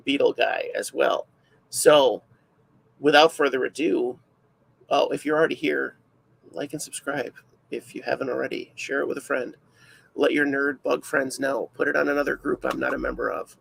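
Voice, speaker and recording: A man's voice: mid-range voice, creaky, fairly bright tone, slightly rough, low-quality recording. A man hosting a casual livestream chat, rambling and self-deprecating, full of fillers. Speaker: livestream host.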